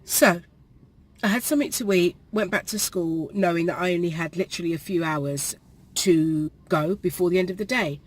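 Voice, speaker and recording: Low-voiced woman telling her story. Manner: halting, with pauses and restarts. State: perspiring. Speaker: vlogger. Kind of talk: personal storytelling vlog. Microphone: camera facing her.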